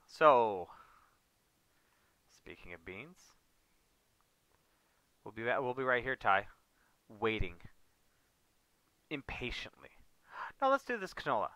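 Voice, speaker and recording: A man's voice: medium pitch, very animated, slow, pauses often, bright, forceful tone, dry recording. A man hosting a livestream, chatting casually as he plays a farming game and grumbling now and then. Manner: chatty, talks to chat and co-players, mild exasperated outbursts. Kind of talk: casual gameplay commentary.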